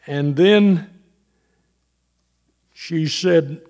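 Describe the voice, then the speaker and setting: An older man delivers a sermon at an unhurried, deliberate pace. His voice sits a little high for a man, and he pauses and restarts as he reads from his notes, then builds into fervent preaching. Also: a little mellow. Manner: slow, halting, reading from notes; rises into fervent preaching on scripture. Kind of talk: sermon testimony.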